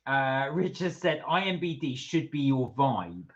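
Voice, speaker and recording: A British man co-hosts a live stream, reading viewer comments aloud and reacting in short, relaxed remarks. His pitch sits mid-range. The audio is dull and lo-fi. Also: measured pace. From Britain. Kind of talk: casual chat.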